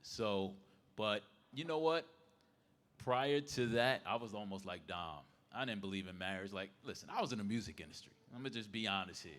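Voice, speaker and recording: Animated storytelling man in his fifties. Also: lowish voice, normal speed. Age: 50s. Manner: animated, acts out quoted voices. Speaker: podcast panelist. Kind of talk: casual storytelling. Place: live event space.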